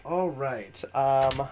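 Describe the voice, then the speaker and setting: A man's voice: medium pitch, noisy background. A man running a tabletop game as game master, hesitant and improvising with many fillers.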